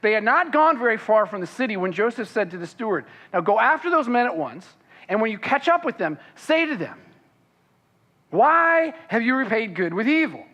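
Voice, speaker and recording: A pastor preaching a sermon, reading scripture aloud and then explaining it, with frequent fillers and restarts. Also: male voice, fairly quick, long reverb tail. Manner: animated, voicing the characters' protests with rising pitch.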